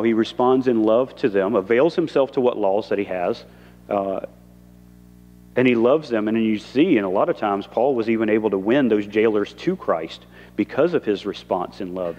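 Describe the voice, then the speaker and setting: A man's voice: lowish voice, darkish tone, lo-fi sound. Male pastor, conversational sermon with acted quotes; church hall echo, muted audio. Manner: conversational preaching, acts out quoted lines. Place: church sanctuary.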